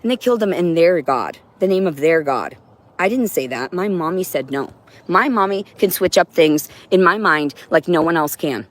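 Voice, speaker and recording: A woman's voice: lowish voice, expressive, normal speed. Agitated woman ranting on a livestream. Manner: agitated, profane, rambling, talks to her cat. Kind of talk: unscripted livestream monologue.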